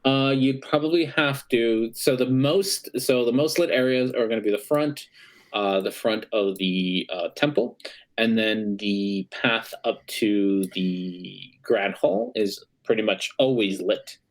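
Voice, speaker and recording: A man running a tabletop game as game master, describing the scene with many pauses and restarts. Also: fairly low pitch. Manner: hesitant, with many ums and restarts.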